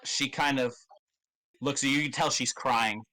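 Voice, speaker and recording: A man narrating as game master of a tabletop game, in a loose, halting way with many fillers and casual swearing. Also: medium pitch, steady tone, pushed and bright, poor audio.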